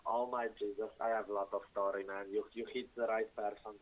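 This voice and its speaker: Pria, bahasa ibu Rusia, penelepon, bahasa Inggris patah-patah, bersemangat, suka mengumpat. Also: male voice, lowish voice, fast, poor audio. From Russia. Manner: broken English, excitable, swears, acts out shouting voices. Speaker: caller. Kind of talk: storytelling on a call-in show.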